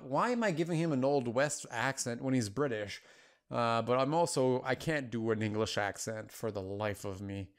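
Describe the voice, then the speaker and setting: A man hosting a let's play, giving casual gameplay commentary in an anxious, pleading and excitable way. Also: mid-range voice, moderate pace, soft background music.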